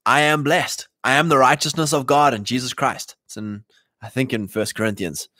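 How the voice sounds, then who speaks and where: A man's voice: mid-range voice, steady tone, moderate pace, pushed and bright, no echo, studio quality. A man preaching casually to a live chat, emphatic and slangy, often mimicking imagined voices. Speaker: Christian livestream host.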